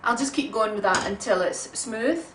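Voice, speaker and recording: A woman giving a relaxed, homely cooking demonstration in her kitchen, chatting along with frequent ums. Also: fairly high pitch, moderate pace, heavy background noise. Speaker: home cook. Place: home kitchen. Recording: roomy kitchen sound from a distant mic.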